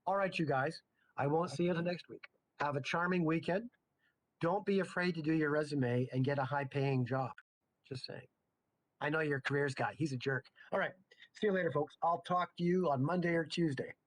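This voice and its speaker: A middle-aged man teaching chemistry in a loose, playful lecture style. His voice sits a little high for a man, and he breaks off into chatty jokes between the problems. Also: normal speed. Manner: joking, chatty asides. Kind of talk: casual lecture.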